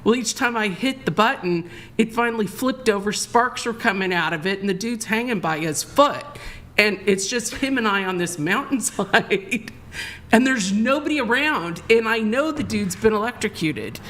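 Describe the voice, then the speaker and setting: A woman guest on a live talk show, telling a long story in an excitable, rambling way, restarting her sentences. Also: medium pitch, normal speed.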